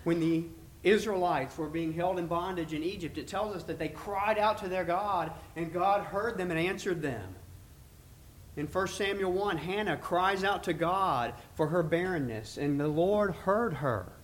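A man preaching a sermon, reading scripture aloud slowly and with emphasis before explaining it. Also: high voice.

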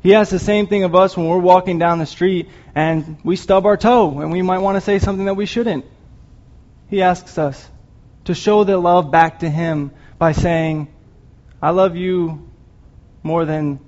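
A man's voice: high voice, steady tone, moderate pace, darkish tone. A man giving an earnest, emotional sermon, rambling at times with restarts and apologies. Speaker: lay preacher. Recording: dull lo-fi recording.

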